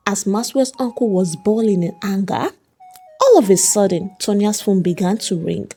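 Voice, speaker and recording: A woman storyteller reads a folk tale aloud. Her voice is warm, a little husky, and rises and falls in lively swings. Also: medium pitch, moderate pace, soft background music. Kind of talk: scripted narration.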